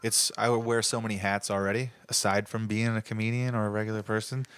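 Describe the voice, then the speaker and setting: Male comic hosting a podcast, lowish voice, easygoing, dry close sound. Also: level tone, fast, a bit bright, clear, resonant tone, no room sound. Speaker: podcast host and comedian. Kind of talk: casual podcast chat.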